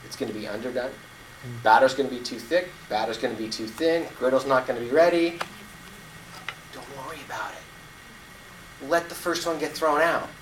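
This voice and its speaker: A man in his fifties giving a storytelling speech to his club, slow and vivid with deliberate pauses. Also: medium pitch, slight background noise. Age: 50s. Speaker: club speaker. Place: meeting room. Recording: echoey room, distant mic.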